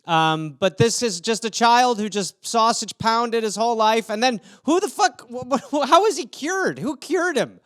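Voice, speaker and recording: A man's voice: extremely high pitch, lively intonation, measured pace, hardly any pauses, fairly bright tone, no room sound, clean studio sound. A man hosting a comedy podcast, riffing profanely and rambling into silly scenarios about odd news stories. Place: home room.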